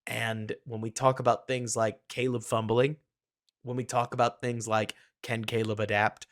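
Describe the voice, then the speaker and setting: A man's voice: mid-range voice, level tone, moderate pace, a bit bright. A man co-hosting a casual sports podcast, analytical and hedging his opinions with self-aware asides. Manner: hedging, self-aware, addresses co-host by name. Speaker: podcast co-host.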